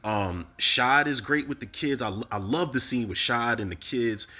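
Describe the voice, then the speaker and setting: Guy with black doing a casual tv recap, bright voice, fired up, curses a lot, talks to y'all. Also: mid-range voice, moderate pace. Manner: animated, profane, talks to viewers as y'all. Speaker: TV recap host.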